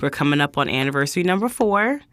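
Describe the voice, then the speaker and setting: Woman, low voice, dry close sound, casual storytelling, animated quotes. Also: fast, no echo. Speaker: vlog host.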